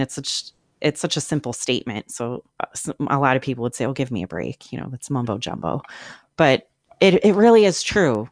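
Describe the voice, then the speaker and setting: Host, casual chat, rambling and animated, mid pitch, very dry close recording. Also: no room sound. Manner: chatty, rambling, animated storyteller.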